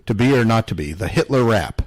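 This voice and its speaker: A man's voice: fairly low pitch, lively intonation, brisk, dry recording. A man co-hosting a podcast, reading film trivia and stumbling over names. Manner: reads notes aloud, stumbles on names. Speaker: podcast co-host. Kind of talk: casual chat and reading trivia.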